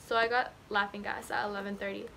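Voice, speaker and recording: A woman's voice: mid-range voice, little pitch movement, quick pace, creaky, pushed and bright, slight background noise. A young woman in her late teens casually telling a personal story, rambling and repeating herself with lots of fillers. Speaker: vlogger.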